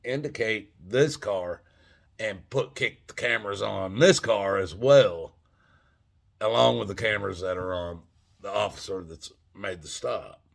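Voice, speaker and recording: An older man with a low, gravelly voice rambles through a story and curses freely along the way. His tone is husky and a little rough, and he keeps turning to talk straight to the viewer. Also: a little slow. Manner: loose, profane, talks straight to viewers as "folks". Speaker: vlogger telling a story.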